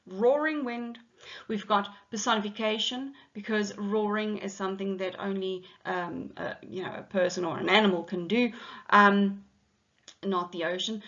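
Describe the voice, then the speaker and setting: South African woman teacher, slow and patient. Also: medium pitch, fairly bright tone, highs cut off. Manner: explains patiently, reads poem lines aloud, frequent ums. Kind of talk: poetry lesson explanation.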